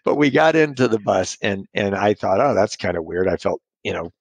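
A man's voice: on the low side, expressive, brisk, no echo. A man telling his sobriety story in a rambling, self-deprecating way, laughing at his own jokes. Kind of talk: casual storytelling.

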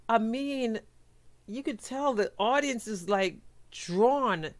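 Slow-talking woman gushing. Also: fairly high pitch. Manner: gushing and emotional, with sighs and breathy asides. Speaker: reaction video host. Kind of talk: casual reaction commentary.

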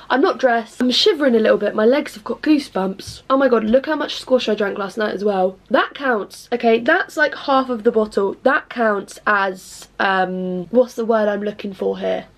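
A woman's voice: fairly high pitch, moderate pace, hardly any pauses. A young English woman vlogging in casual chat, self-mocking and swearing often, sometimes slipping into song. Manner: bursts into snatches of song. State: tired, low-voiced at night.

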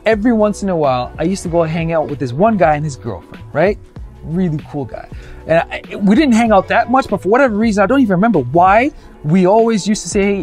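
Young Canadian man, comic monologue, lively sing-song delivery, faint music behind. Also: sits high. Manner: animated, acts out the people in his stories. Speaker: storyteller.

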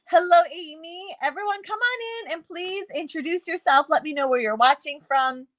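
A woman hosts a live crafting stream in casual, chatty fashion, bubbly and laughing often as she greets viewers by name. Her very high voice has a fairly bright tone and a normal speed.

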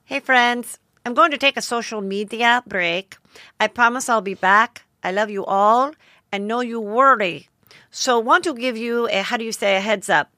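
A woman's voice: a little high, moderate pace, sharp tone, no room sound, studio quality, pitched above the performer's own voice. A woman putting on a mocking foreign-accented reader. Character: woman reading a post in a put-on breathy foreign accent.

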